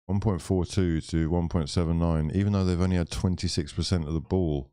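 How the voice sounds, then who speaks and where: A man's voice: deep voice, fairly even intonation, a little fast, warm tone, clean tone, no echo. A young man streaming a live football watchalong, ranting, swearing and bantering with his viewers. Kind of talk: live watchalong commentary and chat.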